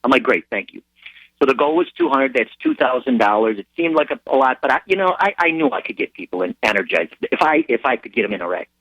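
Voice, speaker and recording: A man's voice: mid-range voice, expressive, fast talker, hardly any pauses, fairly bright tone, no echo, low-quality recording. A middle-aged man, a sergeant who is a guest on a radio interview, telling rambling anecdotes with frequent restarts. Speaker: military sergeant and charity founder as a guest.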